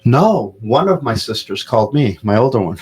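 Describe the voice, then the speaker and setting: A man's voice: mid-range voice, sing-song, normal speed, husky, low-quality recording. A man hosting a podcast, telling stories in a loose, profane, casual way with plenty of fillers. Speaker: podcast host.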